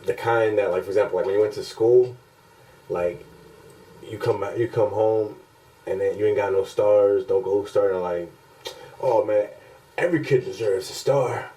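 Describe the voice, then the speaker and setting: A man's voice: lowish voice, steady tone, normal speed, mellow, rough recording. A man co-hosting a podcast in casual chat, rambling and profane, often laughing as he talks. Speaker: podcast co-host.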